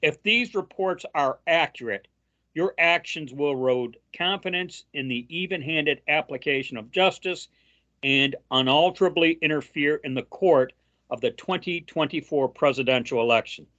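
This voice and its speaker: A man co-hosting a casual political chat, reading news quotes aloud with frequent halting fillers. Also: on the high side, bright, forceful tone, lo-fi sound. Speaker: co-host.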